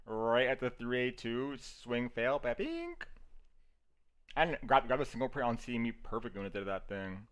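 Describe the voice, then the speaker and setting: A man's voice: medium pitch, normal speed, hardly any pauses, smooth. A man giving casual live-stream commentary on his trades. He swears freely, laughs often and keeps checking in with viewers by asking "right?". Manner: profane, excitable, laughs often.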